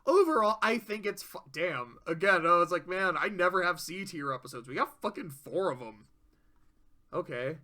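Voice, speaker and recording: A man talks through episode rankings in a loose, unscripted way, swearing freely and laughing often as he gets worked up. His voice sits a little high and sounds strikingly bright and sharp. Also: expressive, moderate pace. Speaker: tier list reviewer. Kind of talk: casual review commentary.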